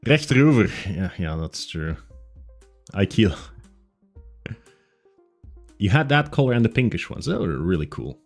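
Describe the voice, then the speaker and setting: A man streams a casual chat with his viewers, wandering down tangents with lots of fillers and restarts. His lowish voice is very animated yet unhurried, with long pauses, and faint music plays behind him.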